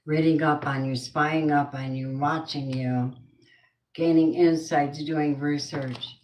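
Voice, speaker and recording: A woman's voice: sits low, fairly even intonation, takes it slowly, a little mellow, roomy sound, slight background noise, low-quality recording. A woman giving a spoken tarot reading with prayers, blunt and earthy, muttering asides to herself. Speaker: tarot card reader.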